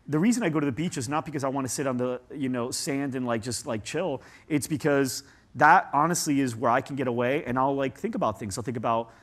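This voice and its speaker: A man speaking as a guest in an interview, animated and storytelling, leaning on "like" a lot. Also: mid-range voice, fast. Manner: animated, storytelling, says "like" often. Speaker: guest agency CEO. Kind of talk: conversational interview.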